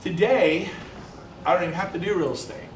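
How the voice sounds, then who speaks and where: A man giving a live business presentation, energetic and quizzing the audience with quick questions. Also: sits high. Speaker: seminar presenter. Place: large event hall. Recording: echoey hall from far off, faint noise.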